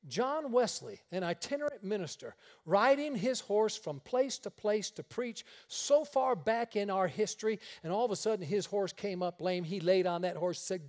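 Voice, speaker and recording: A high-voiced male preacher tells his stories from the pulpit. He acts out every exchange, shifting his voice for each person in the tale. The sermon is delivered for a radio broadcast. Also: fairly quick, hardly any pauses. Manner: animated storyteller acting out dialogue. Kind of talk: sermon storytelling.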